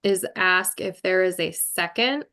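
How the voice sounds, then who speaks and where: A woman's voice: on the low side, unhurried, sharp tone. A woman chairing a virtual board meeting, talking through procedure carefully and thinking aloud.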